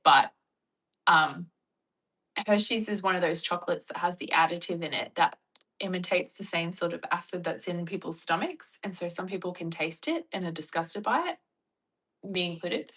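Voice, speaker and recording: A young Australian woman chatting casually and bluntly with her viewers, joking and acting out animated retellings. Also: on the low side, breathy edge, poor audio. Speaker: vlogger. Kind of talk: casual chat reacting to viewer comments.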